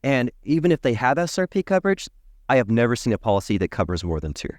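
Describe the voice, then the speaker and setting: A man who works as a dental hygienist, a podcast guest telling an animated story and acting out the people in it. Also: medium pitch, fast, dry recording, studio quality. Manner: emphatic, acts out the people in his stories.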